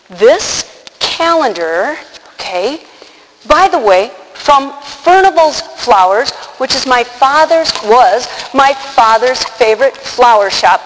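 A woman telling a personal story to an audience, animated, acting out the quotes and laughing often. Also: on the high side. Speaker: religious speaker. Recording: long hall reverb, faint noise.

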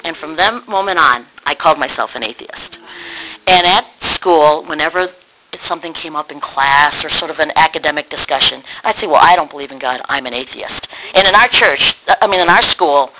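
A middle-aged woman from Wisconsin telling a personal testimony, lively and acting out remembered dialogue. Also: deep voice, moderate pace, slight background noise, poor audio. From Wisconsin, USA. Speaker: speaker giving a personal testimony. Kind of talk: personal storytelling.

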